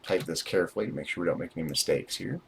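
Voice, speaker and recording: Low-voiced man teaching live coding. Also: racing, creaky, a little hiss or hum. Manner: reads book passages, then dictates numbers while typing; dry asides and thinking aloud. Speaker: instructor working through a programming book. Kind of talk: live-streamed coding lesson, reading aloud and typing. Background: keyboard typing.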